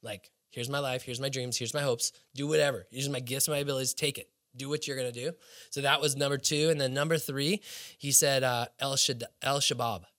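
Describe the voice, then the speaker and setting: A man speaking as a guest in a relaxed interview, his tone bright and forward. He tells his story with animation and drops to a low murmur whenever he quotes someone. His voice sits at an ordinary pitch for a man. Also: fairly quick. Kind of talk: casual interview, faith testimony.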